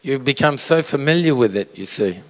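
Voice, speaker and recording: A man's voice: mid-range voice, expressive, moderate pace. A male pastor giving a conversational sermon, asking the audience questions and acting out inner voices. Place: church auditorium. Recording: long reverb of a large hall.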